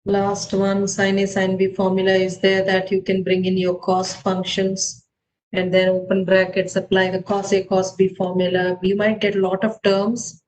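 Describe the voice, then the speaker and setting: A woman teaching an online math class, brisk and directive, checking on her students as she goes. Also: medium pitch, completely flat delivery, darkish tone, slight background noise, low-quality recording.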